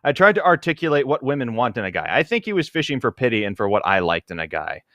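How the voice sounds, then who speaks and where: A man's voice: mid-range voice, very animated, fast talker, a bit bright, no room sound. A man on a casual comedy podcast, telling stories with many ums and uhs. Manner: rambling, full of ums and uhs. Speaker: podcast co-host.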